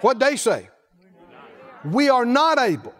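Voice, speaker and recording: Man preaching, high voice swinging all over, folksy and lively, echo from the hall. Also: slow, some chatter behind. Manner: animated, rhetorical questions to the congregation; folksy, laughs between points. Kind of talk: sermon. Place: church. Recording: echoey hall reverb.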